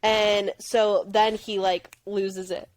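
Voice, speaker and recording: A woman's voice: medium pitch, level tone, takes it slowly, no echo, poor audio. Woman cohost, wry and chatty, dry close sound, mid voice. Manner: chatty, wry, self-deprecating. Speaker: podcast co-host. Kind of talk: casual chat recapping a reality show.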